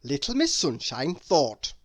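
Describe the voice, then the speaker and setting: A woman narrating a children's bedtime story aloud, slow and expressive. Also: low voice, no echo, clean studio sound.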